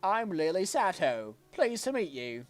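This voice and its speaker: A man putting on a calm, formal young woman's voice for a visual novel, raised well above his own pitch and spoken slow and measured. She sounds poised and gentle, never hurried. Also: faint music behind. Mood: composed.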